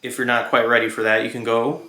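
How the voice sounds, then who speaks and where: A man teaching a guitar lesson in a relaxed, chatty way, humming and counting out strum rhythms as he plays. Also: medium pitch, fast. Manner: relaxed, chatty, sings and hums rhythms while playing. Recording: roomy sound with loud guitar playing. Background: his own electric guitar.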